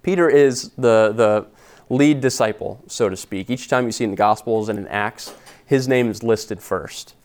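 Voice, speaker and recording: As pastor, a man preaches an expository sermon, earnest and conversational, retelling scripture in casual everyday words and slangy paraphrase. His voice is lowish and darkish in tone, at a normal speed.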